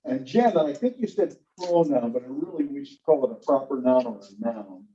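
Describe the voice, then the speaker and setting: A man's voice: medium pitch, expressive, normal speed, mellow, slightly rough, lo-fi sound. A man teaching a grammar class, patiently calling on students by name and explaining parts of speech.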